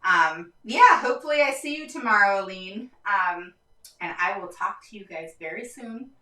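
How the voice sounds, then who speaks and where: A woman's voice: mid-range voice, animated, moderate pace, pushed and bright, reverberant, distant mic, poor audio. A woman hosting a live stream for parents, talking passionately and emphatically, her voice going up and down as she gets frustrated. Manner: passionate, voice rising and falling with frustration; repetitive, emphatic, many fillers. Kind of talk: livestream talk to viewers.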